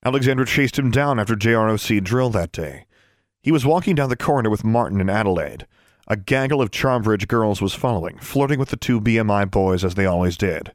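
In a clean studio recording free of room sound, a man with a lowish voice narrates an audiobook at a steady, measured pace.

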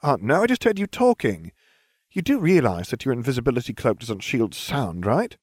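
Keen young witch girl, a man putting her on, bright and high, pitch bouncing. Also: very animated, moderate pace, breathy edge, no echo, clean studio sound. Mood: eager. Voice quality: eager, bright. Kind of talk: audiobook fan fiction reading.

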